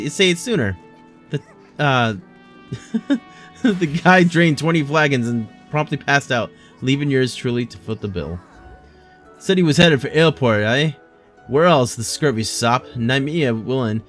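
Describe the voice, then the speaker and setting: A man voicing a cranky, hard-drinking tavern regular with indignant, rough-slang delivery. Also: medium pitch, lively intonation, measured pace, soft background music, lightly acted.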